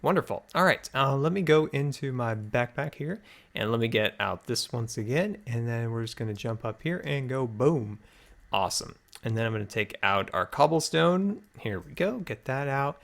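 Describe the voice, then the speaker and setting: Hosting Minecraft let's play commentary, a man with a creaky, mid-range voice and lively intonation talks at normal speed. He thinks aloud in an upbeat way as he builds, a little out of breath.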